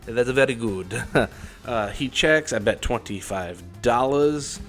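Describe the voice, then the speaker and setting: A man's voice: medium pitch, slow pace, a bit bright, soft background music. A man casually talking through his poker hands as a vlogger, in a rambling, wry and self-deprecating way. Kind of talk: casual poker hand commentary.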